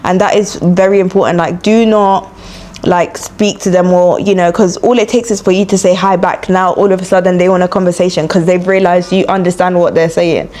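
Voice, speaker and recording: Talking fairly quickly with fairly even intonation, this young Londoner's voice sits lowish and sounds darkish. She's a beauty and travel vlogger doing a casual get-ready-with-me chat indoors on a trip, speaking frankly and leaning on "like" and "you know."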